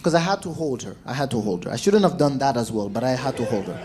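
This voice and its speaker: A man, a stand-up comedian telling stories in an animated way. His pitch swings widely as he acts out shouts and quoted lines, all in a mid-range voice. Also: quick pace. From Zambia. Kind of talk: stand-up storytelling.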